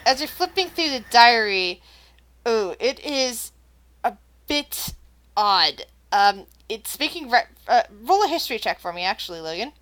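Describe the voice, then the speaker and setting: A woman's voice: fairly high pitch, very animated, a little slow, fairly bright tone. A woman narrating as game master of a tabletop game, chatty and loose, with lots of fillers.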